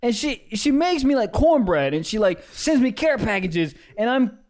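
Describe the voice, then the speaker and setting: A man's voice: very high-pitched, very animated, moderate pace, darkish tone. A man co-hosting a podcast, rambling and candid in casual chat, laughing often. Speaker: podcast co-host.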